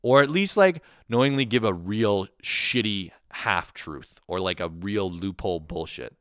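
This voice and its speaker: A man's voice: on the low side, animated, measured pace, smooth, dry recording, studio quality. A man around thirty hosting his own show, ranting profanely and with exasperation, acting out imagined quotes along the way. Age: 30s. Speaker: podcast host. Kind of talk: comedic rant.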